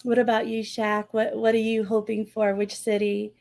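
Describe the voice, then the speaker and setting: A woman's voice: mid-range voice, monotone, normal speed, gravelly, darkish tone. A woman from New York with a New York accent, hosting a casual podcast chat and laughing often. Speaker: podcast host.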